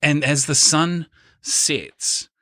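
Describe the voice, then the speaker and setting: A man hosting a podcast, chatty and quick to laugh. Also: on the high side, fairly even intonation, pushed and bright, dry recording, studio quality. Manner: chatty, laughs easily, plugs events. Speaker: podcast host. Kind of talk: casual podcast chat.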